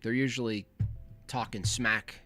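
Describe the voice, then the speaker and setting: A man's voice: mid-range voice, fairly even intonation, measured pace, sharp tone, faint music behind. A man hosting a call-in livestream, chatting casually and rambling to himself as he sets things up. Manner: rambling, laid-back, talks to himself while setting up. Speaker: livestream host.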